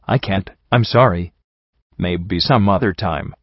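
A man's voice: low voice, measured pace, breathy edge, no room sound, lo-fi sound, heavily acted. A man voicing a refined, fussy young mare cellist who speaks in a prim, formal way. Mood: polite refusal.

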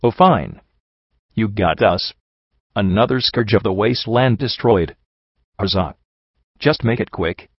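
Sly pony raider boss read by a man, slow evasive drawl, low voice, dry dull audio. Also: slightly rough, no echo.

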